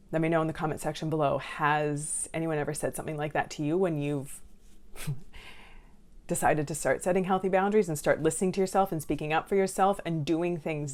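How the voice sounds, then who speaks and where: A woman's voice: deep voice, a little mellow. A woman counsellor giving advice to viewers in a direct, conversational way. She asks them questions and acts out lines they might hear. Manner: acts out what family members say.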